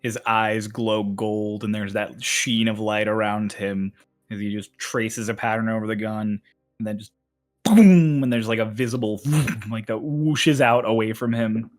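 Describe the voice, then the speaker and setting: A man's voice: lowish voice, a little slow, soft background music. A man narrating a tabletop game as game master, in a casual, loose way that laughs often.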